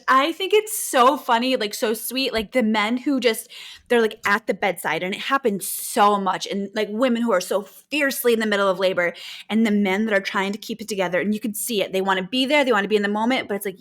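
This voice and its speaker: A woman in her thirties co-hosting a casual podcast, animated and quick to laugh, acting out quotes as she reads stories. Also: mid-range voice. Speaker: podcast co-host, labor nurse. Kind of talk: casual chat, reading stories aloud.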